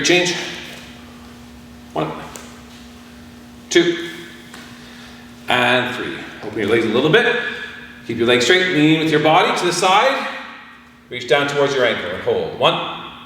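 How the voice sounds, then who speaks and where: A man martial arts instructor leading a class warm-up, calling out counts and commands. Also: fairly high pitch, a little hiss or hum. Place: training hall. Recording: echoey hall from far off.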